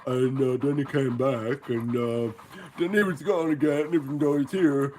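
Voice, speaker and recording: A man voicing his young male pet dog, who talks slowly and rambles about missing his dad. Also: medium pitch, fairly even intonation, background noise, close to an everyday voice. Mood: wistful.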